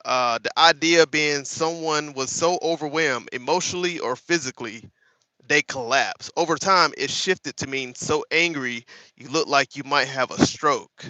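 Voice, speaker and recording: A man in his thirties hosting a casual live-stream commentary, animated and laughing as he talks to his chat. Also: fairly high pitch, normal speed, no echo. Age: 30s. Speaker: host.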